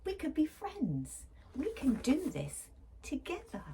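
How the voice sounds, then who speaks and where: A woman voicing a small, friendly male mouse in a storybook reading, speaking softly and encouragingly. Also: high voice, huge pitch swings, takes it slowly, a little hiss or hum, voice pushed up, full character voice. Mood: soothing. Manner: soft, gentle, encouraging.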